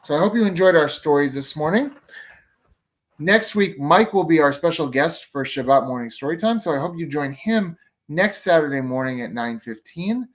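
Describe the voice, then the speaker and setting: Lively man hosting children's story time. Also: a little high, moderate pace. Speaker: rabbi.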